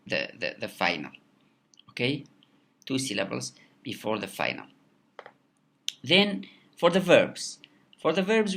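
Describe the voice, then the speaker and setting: A man giving a recorded lecture, halting with many fillers and repeated words. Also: medium pitch, creaky, fairly bright tone. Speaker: English lecturer.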